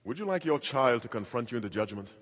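A man's voice: medium pitch, sing-song, fast talker, husky, big-room sound. A man preaching a sermon in an emphatic, dramatic way, acting out quoted voices.

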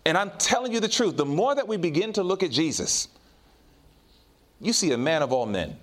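A man preaching a sermon, swinging from raised exhortation to low, quiet storytelling. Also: big pitch swings, a little fast. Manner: preaches in rising and falling swells, drops low and quiet for personal stories.

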